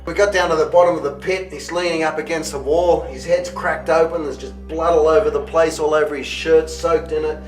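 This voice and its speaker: A man telling stories from his past in a casual, lively way, acting out what people said to him. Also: fairly high pitch, brisk, hardly any pauses, faint music behind. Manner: animated, acts out dialogue in the retelling. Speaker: interviewee recounting past events. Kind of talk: casual storytelling.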